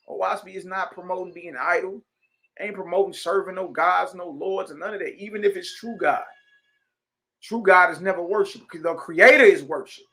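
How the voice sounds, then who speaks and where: Bright-voiced man preaching with emphatic call-outs. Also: sits high, brisk. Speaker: religious teacher. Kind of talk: preaching lesson, reading and commenting.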